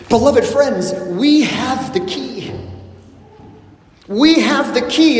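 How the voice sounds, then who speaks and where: A man preaching a sermon, telling a story dramatically and swinging between urgent calls and hushed, solemn lines. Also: extremely high pitch, roomy sound, long reverb tail.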